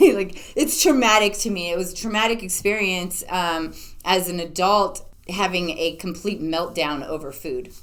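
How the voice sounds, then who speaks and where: A woman's voice: lowish voice, a little slow. A young woman co-hosting a casual podcast chat, telling stories animatedly with frequent swearing and laughter. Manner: animated storytelling, swears often, laughs a lot. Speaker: podcast co-host.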